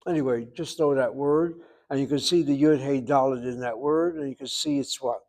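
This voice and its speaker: A man's voice: mid-range voice, darkish tone, rough recording. Man teaching a Hebrew grammar class. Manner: explanatory, repeats words slowly to demonstrate pronunciation.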